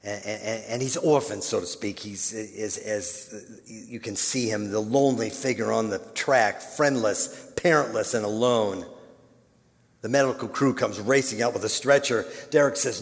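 A male pastor telling a story in a sermon, dropping to a hush and then building to loud, dramatic peaks. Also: lowish voice, unhurried. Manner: dramatic, swinging from hushed to loud. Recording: long reverb of a large hall.

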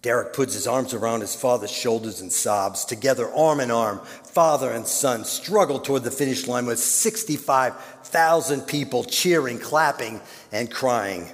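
A male pastor telling a story in a sermon, dropping to a hush and then building to loud, dramatic peaks. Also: mid-range voice, moderate pace, hardly any pauses. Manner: dramatic, swinging from hushed to loud. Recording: long reverb of a large hall.

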